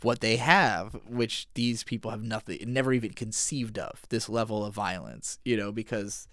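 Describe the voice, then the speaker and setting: A man's voice: lowish voice, fairly bright tone, no room sound, clean studio sound. A man hosting an anime podcast, casually recapping and analyzing an episode in a conversational, occasionally profane way. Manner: casual, profane, retells scenes with quick paraphrased dialogue.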